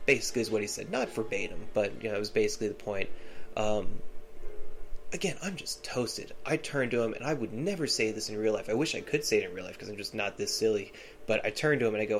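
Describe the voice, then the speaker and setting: A man's voice: on the low side, brisk, soft background music. A man hosting a podcast, telling a personal story in a rambling, casual way full of fillers and restarts. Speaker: podcast host.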